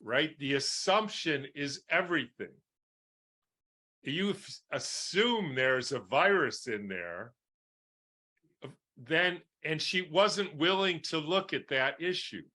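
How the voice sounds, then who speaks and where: A man's voice: fairly high pitch, lively intonation, takes it slowly, sharp tone. A man answering interview questions as a doctor, explaining with everyday analogies and often checking in with "right?". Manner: explains with homely analogies, keeps asking "right?". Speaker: guest doctor.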